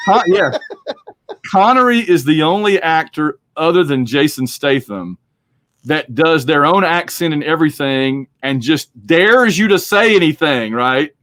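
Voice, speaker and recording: A podcast host with a somewhat high, bright voice and lively intonation chats casually at a measured pace, rambling through a movie discussion and acting out quotes. The sound is clean studio audio with no room sound.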